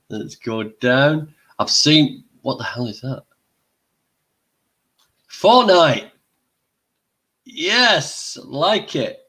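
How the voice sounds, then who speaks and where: An older man chats on his own livestream at an unhurried, slow pace. He breaks into loud exclamations and keeps talking between bites of food. His pitch sits in an ordinary middle range for a man. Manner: chatty, exclaiming, eats while talking. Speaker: livestream host. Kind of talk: casual livestream chat.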